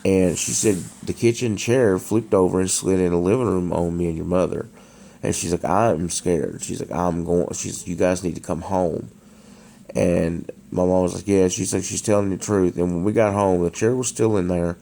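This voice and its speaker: A man's voice: deep voice, steady tone, moderate pace, vocal fry, mellow. A man casually telling a story at home, hesitant, with frequent restarts and fillers. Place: dark room at home.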